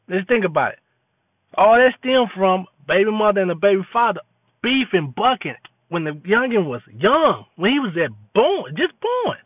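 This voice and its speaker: Brief: high-voiced man, preachy street-slang monologue, tinny phone-quality audio. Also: no echo. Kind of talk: impassioned monologue.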